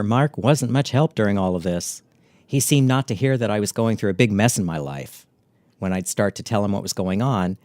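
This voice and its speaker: A middle-aged man telling a memoir story in a wry, catty, deadpan way. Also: fairly low pitch, no room sound.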